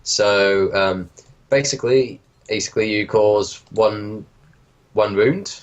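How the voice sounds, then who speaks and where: A man's voice: lowish voice, slow, lo-fi sound. A man running a tabletop game as game master, thinking aloud hesitantly while he checks the rules.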